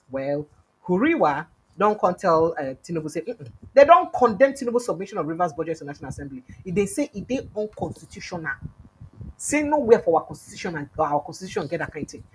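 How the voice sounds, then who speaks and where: A Nigerian woman with a Pidgin English accent rattles through the day's news at a fast clip. Her voice has a husky edge. She keeps it lively and casual, with exclamations and wry asides to her viewers. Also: medium pitch, low-quality recording. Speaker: news vlogger. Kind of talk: casual news commentary vlog.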